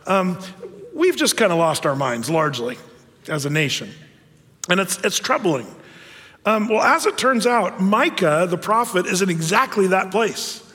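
A man preaching a sermon in a chatty, animated way, full of fillers and asides. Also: high voice, moderate pace, long reverb tail. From United States. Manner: conversational, animated with frequent fillers. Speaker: pastor.

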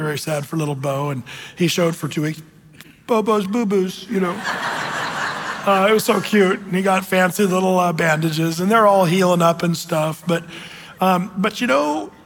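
Older male pastor, high-pitched, chatty sermon with fillers, long hall reverb. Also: fairly bright tone. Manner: conversational, many fillers and restarts, acts out quoted voices.

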